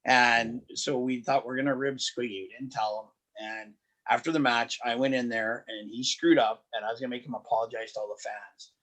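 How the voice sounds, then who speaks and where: A man guest on a podcast, telling road stories in a lively, animated way, often restarting his sentences. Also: medium pitch, normal speed. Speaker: wrestling promoter and guest. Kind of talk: casual podcast storytelling.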